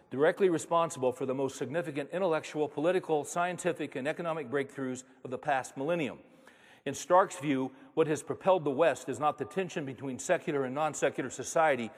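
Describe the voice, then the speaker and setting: Guy pastor preaching, kinda high voice, big hall echo, storytelling then gets emphatic. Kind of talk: sermon.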